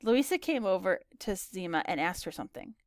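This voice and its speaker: A woman narrating a children's story in an animated, bright reading style. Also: mid-range voice, fairly quick, dry recording, studio quality. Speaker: audiobook narrator.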